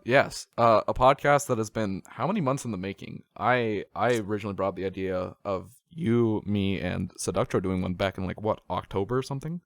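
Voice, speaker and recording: A seventeen-year-old young man from Canada co-hosting a casual podcast, joking, excitable and quick to laugh. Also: on the low side, creaky, no echo, studio quality. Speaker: podcast co-host, Twitch streamer. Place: home studio.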